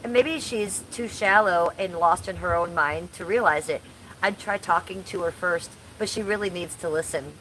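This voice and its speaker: A woman's voice: fairly low pitch, normal speed, a bit bright, a little hiss or hum, poor audio. Blunt, crude woman livestreamer. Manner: blunt, crude and chatty, reading chat aloud. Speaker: livestream host. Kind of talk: casual livestream chat.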